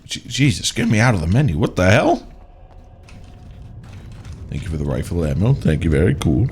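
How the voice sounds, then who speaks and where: A man's voice: low voice, big pitch swings, moderate pace, slight background noise. A man streaming live, joking sarcastically with his chat and the game characters as he plays. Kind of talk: live gaming commentary.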